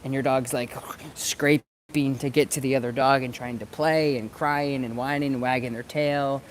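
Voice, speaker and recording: A man with a mid-range voice and fairly even intonation speaks at a normal speed over slight background noise. He's a dog trainer chatting casually to the camera outdoors near some planters, repeating words as he thinks things through in a relaxed, instructional way.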